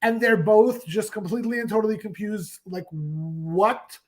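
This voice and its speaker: A man co-hosting a casual podcast, recapping scenes in an animated way. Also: high-pitched, a little fast. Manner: animated, acts out quoted lines. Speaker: co-host.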